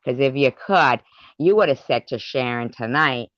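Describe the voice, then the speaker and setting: A woman's voice: rumbling low, moderate pace, no room sound, muffled recording. A woman vlogger in an angry, profane rant to the camera, taunting and repeating words for emphasis.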